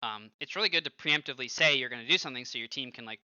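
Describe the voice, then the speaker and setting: A young man in his twenties, a streamer and former pro gamer, telling animated stories full of filler words and cursing. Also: medium pitch, very fast, smooth, no echo. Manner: animated storytelling, heavy use of filler like and swearing. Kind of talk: casual stream commentary. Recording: dull lo-fi, dry close sound.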